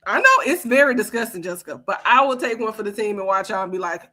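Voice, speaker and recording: A woman's voice: mid-range voice, lively intonation, fast talker, hardly any pauses, bright, forceful tone. Sassy, profane woman podcast host. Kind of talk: casual livestream commentary.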